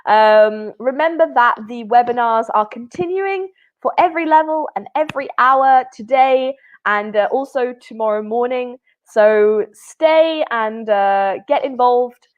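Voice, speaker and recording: A woman's voice: fairly high pitch, lively intonation, measured pace. A woman teaching an online English lesson, upbeat and encouraging, praising answers often. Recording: dull lo-fi webinar audio.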